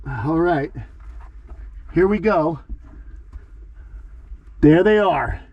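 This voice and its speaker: A man's voice: a little high, expressive, very slow, creaky, pauses often, lo-fi sound. Breathless upbeat man vlogging outdoors. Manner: chatty and upbeat, talks to the animals fondly. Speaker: vlog host. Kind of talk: casual vlog walkthrough. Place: outdoor backyard. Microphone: handheld phone.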